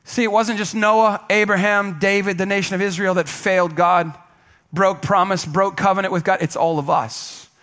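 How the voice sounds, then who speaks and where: A pastor preaching a sermon in a church, emphatic and asking the congregation to answer back. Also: male voice, sits high, fairly even intonation, moderate pace, a bit bright. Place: church sanctuary.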